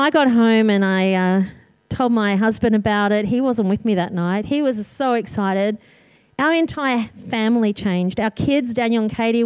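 Higher-voiced woman telling a sermon testimony. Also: a little mellow, dry recording. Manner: candid storytelling with self-deprecating laughs. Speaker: speaker sharing testimony.

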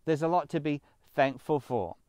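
A man's voice: a little high, expressive, normal speed, mellow, no room sound. Earnest man preaching. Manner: earnest, emphatic preaching with rising stresses. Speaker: pastor. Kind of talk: sermon.

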